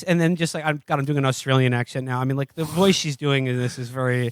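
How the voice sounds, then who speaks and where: A man's voice: mid-range voice, steady tone, fast, few pauses, smooth, no echo. A man co-hosting a podcast, rambling and sardonic as he reviews a film in casual, profane chat. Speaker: podcast co-host.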